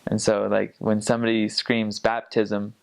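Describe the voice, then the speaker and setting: A man's voice: lowish voice, monotone, moderate pace, vocal fry, smooth. A young man chatting casually, rambling with many fillers and frequent laughter as he shares tips on a language. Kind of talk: casual chat.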